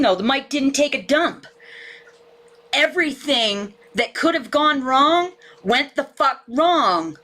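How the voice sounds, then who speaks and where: Woman, livestream host, slow-talking, slightly high voice, angry, cursing, teary. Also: sharp tone. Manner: frustrated, swearing constantly. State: near tears. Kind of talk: casual livestream chat. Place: home room with ceiling fan.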